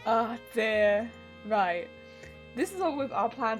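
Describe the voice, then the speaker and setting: A woman with a weak voice that keeps cracking chats casually to her stream, giggling often. Her voice sits high and swoops up and down, breaking on quick pitch changes. Soft music plays faintly behind her. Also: animated. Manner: giggly, chatty, laughs often. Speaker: craft streamer. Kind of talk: casual chat with live-stream chat. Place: home crafting stream setup.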